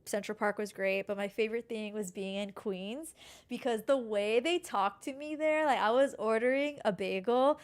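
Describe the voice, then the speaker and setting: A young woman co-hosting a podcast in a casual, animated chat, full of filler words. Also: a little high, normal speed, clean tone. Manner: animated, chatty, heavy use of filler "like". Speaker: podcast co-host.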